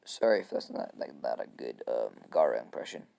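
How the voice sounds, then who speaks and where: A man's voice: rumbling low, big pitch swings, brisk, vocal fry, mellow. A man casually improvising a story, hesitant and full of fillers.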